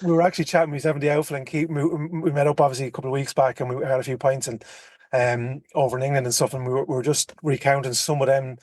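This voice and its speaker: A man's voice: medium pitch, level tone, racing, darkish tone, dry recording, clean studio sound. An Irish man on a podcast, telling rambling, profane anecdotes full of restarts in casual chat. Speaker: podcast co-host.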